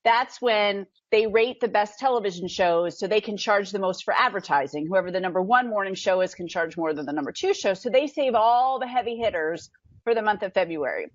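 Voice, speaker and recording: A woman guest telling an excited story, acting out quotes with big jumps in her voice. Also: medium pitch, brisk, dry recording, dull audio. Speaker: podcast guest. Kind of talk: animated storytelling.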